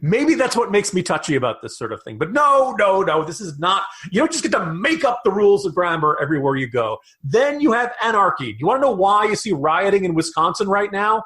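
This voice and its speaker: A man's voice: sits high, big pitch swings, a little fast, hardly any pauses, a bit bright. A man co-hosting a political podcast, a writer delivering a theatrical, exasperated comic rant full of mock outrage.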